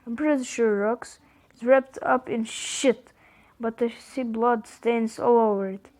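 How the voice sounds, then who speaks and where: A man with a Croatian accent reading the texts of a frightened young woman lost in dark woods, in a panicky, breathless way. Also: extremely high pitch, fairly even intonation, unhurried. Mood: panicked.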